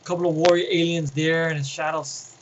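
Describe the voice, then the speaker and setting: A man giving a casual, rambling film review, excitable and profane, often restarting his sentences. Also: on the high side, a little fast, muffled recording, noisy background.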